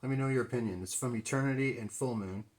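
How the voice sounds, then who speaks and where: In a mid-range voice and talking fast, a man with a Midwestern accent casually goes over a comic book haul for a video. He's a collector thinking out loud, full of fillers, with nothing scripted.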